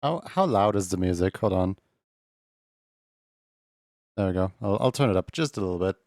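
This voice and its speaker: A man's voice: deep voice, expressive, moderate pace, darkish tone, dry recording, clean studio sound. A man hosting a live stream in casual chat, often stumbling over repeated words and laughing between thoughts.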